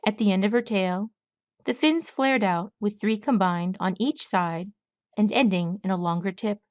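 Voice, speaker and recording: A woman narrating her own fan fiction audiobook in a steady, even storytelling voice. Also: medium pitch, moderate pace, no echo, studio quality. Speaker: audiobook reader.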